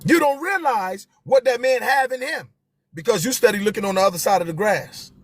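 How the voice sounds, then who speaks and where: A man's voice: high-pitched, lively intonation, a little fast, no room sound. A man, hosting a live stream and talking to viewers with passion, repeating his key phrases for emphasis.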